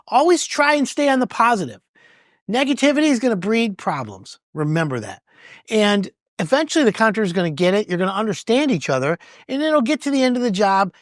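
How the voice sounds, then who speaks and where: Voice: medium pitch, big pitch swings, a little fast, dry recording, studio quality. A podcast host giving casual, conversational advice on home improvement, often repeating words and acting out both sides of a conversation.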